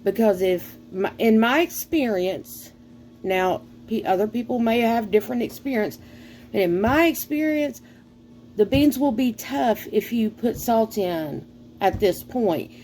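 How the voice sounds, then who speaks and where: A woman's voice: fairly high pitch, expressive, darkish tone. A middle-aged woman from the American South with a Southern accent, chatting casually and folksily while cooking. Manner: slow, folksy, rambling with fillers and sighs. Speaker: cooking vlogger.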